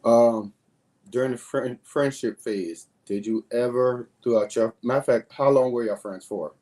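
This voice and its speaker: A man co-hosting a podcast, asking measured, probing questions in a casual chat. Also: medium pitch, dark tone.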